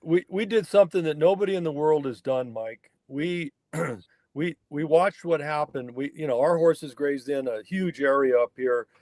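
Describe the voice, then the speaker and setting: A man's voice: a little high, moderate pace, a little mellow, no room sound, clean studio sound. An older man from the Northern California mountains, telling stories in a folksy, emphatic way as an interview guest. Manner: folksy, emphatic, acts out dialogue in anecdotes. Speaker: guest, wild horse fire researcher. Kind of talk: conversational storytelling interview.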